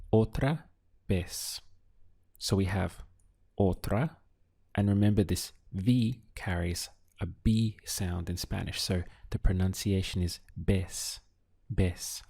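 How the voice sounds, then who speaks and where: A man teaching a Spanish lesson, patient and clear, repeating and spelling words slowly. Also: low-pitched, warm tone. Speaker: Spanish tutor. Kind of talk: slow, clear language lesson.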